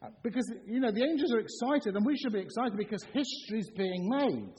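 A middle-aged man preaching a sermon in a church, animated and jokey, acting out excited shouts. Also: high voice, fairly quick. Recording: dull sound with long hall reverb.

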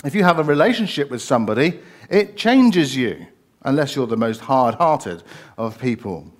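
A man's voice: mid-range voice, very animated, normal speed. A man preaching a sermon, conversational, with rhetorical questions and frequent fillers.

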